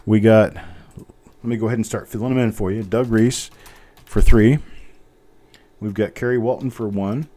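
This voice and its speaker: The host of this coin auction livestream speaks at a normal pace in a fairly low, steady, mellow voice. Chatty and quick to joke at his own expense, he reads off bidders while typing.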